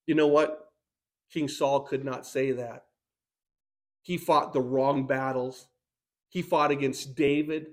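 A man's voice: a little high, little pitch movement, a little slow. A male pastor preaching a sermon in an earnest, emphatic way, repeating key phrases, his voice strained by sickness. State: sick, strained voice.

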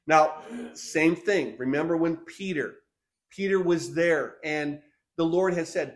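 A man preaching a sermon, animated, acting out Bible figures in quick back-and-forth dialogue. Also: on the high side.

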